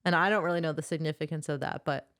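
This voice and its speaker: Young woman co-host, lowish voice, easy plot recap, dry close sound. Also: rapid-fire, dry recording. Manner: recaps plot in a relaxed, friendly way. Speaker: podcast co-host. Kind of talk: casual book chat.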